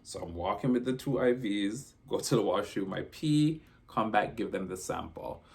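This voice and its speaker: Low, gravelly man telling a story. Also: animated, moderate pace, darkish tone. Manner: rambling retelling, constant "I'm like" reported speech. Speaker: vlogger. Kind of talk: casual storytime vlog.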